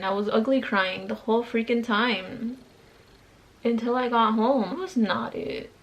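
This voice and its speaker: A fairly high-pitched young woman talks casually on a rough recording with slight background noise. She's a beauty vlogger doing her makeup at a home mirror for a get-ready-with-me vlog, rambling with plenty of slang and fillers.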